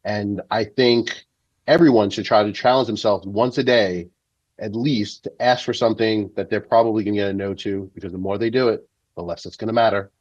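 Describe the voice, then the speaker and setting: A man joining a live online show as a guest finalist over a video call, talking in a relaxed, reflective way with many fillers. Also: on the low side, brisk, no echo, muffled recording. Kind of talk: casual conversation.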